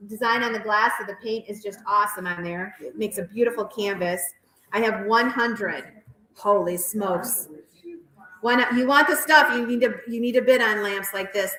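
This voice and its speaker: A woman auctioneer calling bids at a live auction in a rapid, repetitive chant, with chatty asides about the pieces. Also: a little high, fairly bright tone. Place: auction house hall. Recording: roomy echoey hall.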